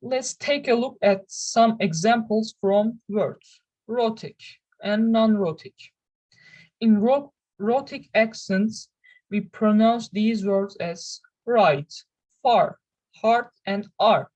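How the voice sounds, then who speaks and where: Young woman, Turkish native speaker, student presenter; slow, careful, stop-start delivery. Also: mid-range voice, darkish tone, poor audio. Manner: careful, halting delivery with restarts. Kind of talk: reading a class presentation.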